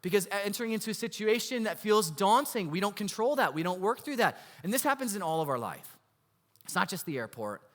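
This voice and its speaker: Bright, forceful pastor preaching in a hall. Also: male voice, high voice, a little fast. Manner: animated storytelling, rhetorical questions. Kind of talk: sermon. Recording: long hall reverb.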